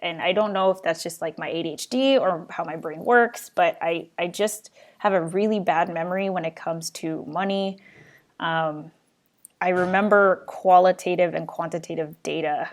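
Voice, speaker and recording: A woman's voice: fairly low pitch, moderate pace. A young adult woman hosting her own live show, chatting casually and rambling as she answers viewer questions. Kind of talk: casual live-stream chat.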